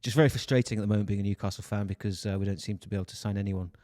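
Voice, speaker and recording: A man's voice: fairly low pitch, fairly even intonation, rapid-fire, mellow. A man co-hosting a football podcast, joking and dry in casual chat with his brother. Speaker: podcast co-host.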